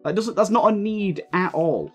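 A man's voice: sits high, animated, normal speed, darkish tone, breathy edge, faint music behind. Heated, sweary young man gaming. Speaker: gaming video creator. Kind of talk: live gameplay commentary.

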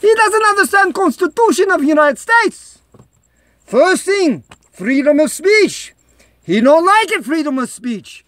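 High lively Russian-accented vlogger, put on. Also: measured pace, dry recording, exaggerated voice. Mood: chatty. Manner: broken English, rambling, jokey asides. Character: rambling Russian-accented home vlogger, cheerful, opinionated. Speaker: vlog host. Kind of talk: comedic home vlog monologue.

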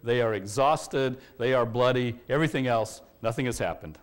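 A man's voice: medium pitch, normal speed. A man preaching a sermon, explaining a Bible passage verse by verse and acting out its quotes with energy. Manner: expository preaching, animated when quoting scripture. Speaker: pastor.

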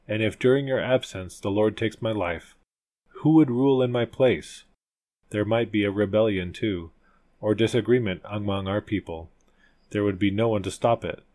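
A man's voice: fairly low pitch, moderate pace, a little mellow, close to an everyday voice. A man voicing an old tsar, a fearful and loving father who speaks in archaic storybook phrases. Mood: pleading. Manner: pleading archaic storybook speech.

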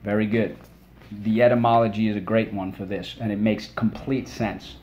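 A male teacher giving a children's spelling and vocabulary lesson, upbeat, drilling each word syllable by syllable and pausing for the class to repeat. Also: on the low side, darkish tone.

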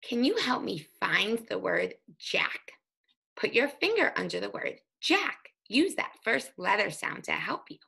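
A woman teaching an early reading lesson, speaking slowly and sounding out letters for young children. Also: medium pitch, big pitch swings, gravelly, bright, forceful tone, slightly rough. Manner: slow, sing-song, sounding out letters.

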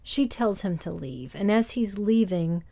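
Woman co-host, mid-pitched, easygoing film-chat voice, walks through scenes step by step. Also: animated, unhurried, mellow. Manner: recaps scenes in detail, laughs easily. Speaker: podcast co-host. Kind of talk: casual film discussion.

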